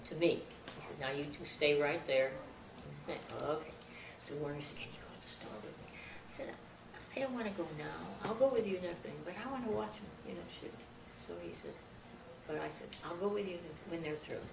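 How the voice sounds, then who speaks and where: A woman's voice: deep voice, creaky. An older woman being interviewed, telling a childhood story and acting out the voices of the people in it. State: frog in her throat, coughing. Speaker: interview guest. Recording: roomy, distant, noisy 2001 tape.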